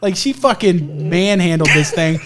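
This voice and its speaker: High-voiced young man telling animated stories. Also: moderate pace, very noisy. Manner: animated, laughs through stories, swears freely. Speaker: podcast co-host. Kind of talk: casual storytelling chat.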